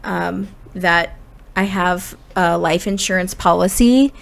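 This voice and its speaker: A woman voicing a resigned father in his seventies in her own voice, soft and reassuring in a game story. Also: fairly low pitch, slow, gravelly.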